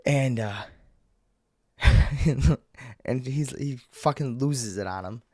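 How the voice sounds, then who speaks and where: A young man telling a story as a vlogger, profane and animated, acting out people yelling. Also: mid-range voice, measured pace, no room sound, clean studio sound. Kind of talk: casual storytelling rant.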